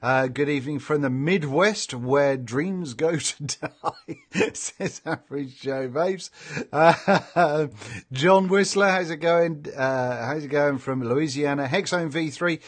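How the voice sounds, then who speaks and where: A man's voice: a little high, takes it slowly. A middle-aged man with a chatty, jokey manner, hosting a casual live stream and reading out viewer comments. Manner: chatty and jokey, laughs often.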